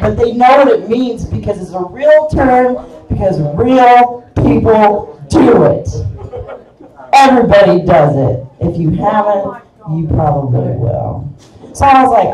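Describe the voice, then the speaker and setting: A woman's voice: mid-range voice, expressive, measured pace, distant mic, crowd noise. A middle-aged woman with a Kansas accent doing a crude, self-mocking live stand-up set in a small bar. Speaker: stand-up comedian. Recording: echoey room picked up from afar.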